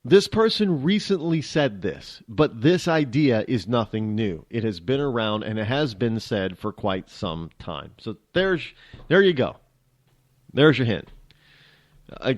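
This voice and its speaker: Animated rambling radio host, dry sound. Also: male voice, mid-range voice, dry recording. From New England. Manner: rambling, joking, self-interrupting. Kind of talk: casual talk radio monologue.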